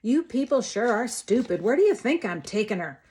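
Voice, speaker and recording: A woman voicing a gruff, hostile frontier sheriff who speaks with open contempt. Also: fairly high pitch, normal speed, a little mellow, close to an everyday voice. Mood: snarling. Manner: mocking, contemptuous, snarling.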